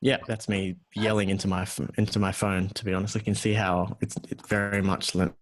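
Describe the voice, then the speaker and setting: A man's voice: fairly low pitch, level tone, a little fast. A man with an Australian accent, a music producer walking through his session in a casual, self-deprecating way with many fillers. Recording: music playing behind the voice.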